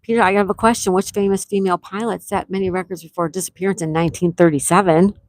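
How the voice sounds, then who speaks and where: A woman hosts a relaxed live-stream trivia game, greeting her viewers by name and reading their answers aloud. Her voice sits a little low, and she drags out each question slowly to give everyone time. The sound is close and dry, with no room around it. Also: no echo. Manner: chatty, reads chat aloud, repeats questions slowly. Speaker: livestream trivia host.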